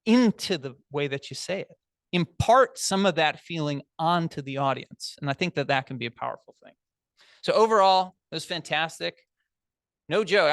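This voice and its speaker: A man with a slightly high-pitched voice gives spoken feedback on a speech to a room full of people. He is encouraging and down to earth, chatting more than lecturing. His voice sounds close and dry, with almost no room sound. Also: sharp tone, no echo. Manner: encouraging, conversational, plain-spoken. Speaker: speech evaluator. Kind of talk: spoken speech evaluation to an audience. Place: large meeting room.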